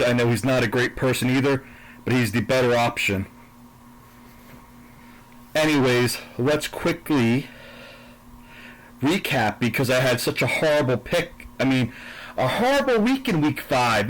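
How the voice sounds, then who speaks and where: A man's voice: medium pitch, poor audio. Profane, sarcastic man ranting. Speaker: sports and politics commentator. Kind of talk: angry political rant and football picks recap.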